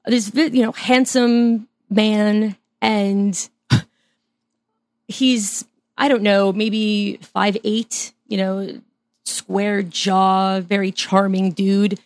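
A woman's voice: medium pitch, flat delivery, very slow, dry recording. Chatty, laughing woman, dry close sound. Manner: chatty, laughs often, restarts sentences. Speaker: podcast guest. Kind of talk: casual interview chat.

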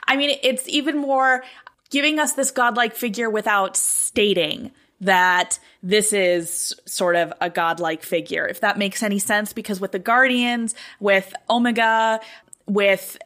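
A woman's voice: medium pitch, unhurried. Enthusiastic woman podcast co-host. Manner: animated, enthusiastic, thinks aloud with fillers. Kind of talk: casual chat.

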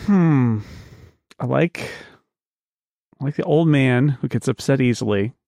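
A man playing along as a contestant on a comedy game show, jokey and quick to laugh. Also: medium pitch, gravelly, mellow, dry recording, studio quality. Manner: jokey, laughs at his own bits. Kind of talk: comedy podcast banter.

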